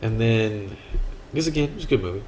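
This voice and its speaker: A man's voice: lowish voice, animated, quick pace, darkish tone, slight background noise, low-quality recording. A man co-hosting a casual movie review chat, rambling and acting out film lines in silly voices. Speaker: podcast co-host.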